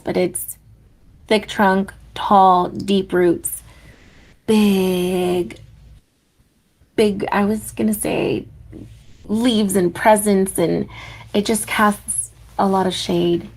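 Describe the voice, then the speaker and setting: A young woman hosting a podcast, leading a guided meditation and reflective talk in a gentle manner, laughing softly at herself. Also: mid-range voice, creaky, breathy edge. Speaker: podcast host.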